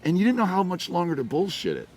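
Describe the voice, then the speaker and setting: A man's voice: high voice, huge pitch swings, fast talker, darkish tone, a little hiss or hum. A man in his forties, wearing a mask while getting over an illness, interviewing a guest in a chatty, teasing way. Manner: chatty, teasing, restarts often. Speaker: interviewer, performer. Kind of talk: casual interview chat.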